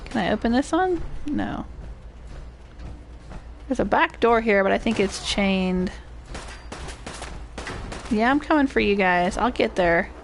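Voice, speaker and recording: A woman's voice: medium pitch, lively intonation, slow, gravelly, long pauses, a little hiss or hum. An older woman giving rambling, casual commentary while streaming a game and greeting chat viewers. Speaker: gaming streamer. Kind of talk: casual live gameplay commentary.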